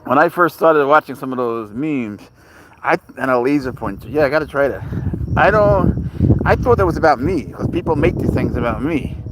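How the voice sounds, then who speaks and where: A man's voice: mid-range voice, expressive, moderate pace, slight background noise. A man hosting a casual livestream outdoors in a park. He rambles and answers viewer questions as he walks his cat, talking into a phone.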